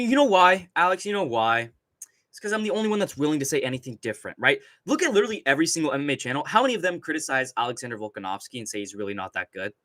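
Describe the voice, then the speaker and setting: In a dry recording, a young man with a mid-range, slightly bright voice hosts a relaxed livestream. He reads chat between rambling, swear-filled rants and bursts of laughter.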